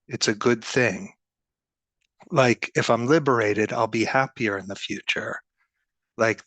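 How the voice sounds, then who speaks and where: Man doing a talkative meditator pal on voicemail, rambling and eager, lowish voice. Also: a bit bright, no room sound. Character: rambling excited man, longtime meditator friend.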